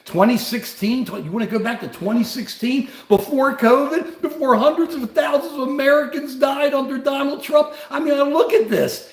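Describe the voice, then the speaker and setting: A man's voice: extremely high pitch, moderate pace, hardly any pauses, reverberant. An older man and grandfather, host of a livestream, giving rambling, combative political commentary.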